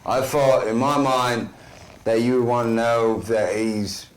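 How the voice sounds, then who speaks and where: A man voicing a brash young rogue, talking fast on a call. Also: medium pitch, steady tone, pitched above the performer's own voice, lightly acted, low-quality recording. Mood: nervous bluster.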